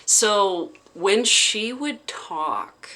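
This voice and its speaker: Woman vlogger, unhurried and halting, crisp bright tone, casual storytelling. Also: medium pitch, expressive. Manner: halting, heavy with "like" fillers. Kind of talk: casual personal recounting.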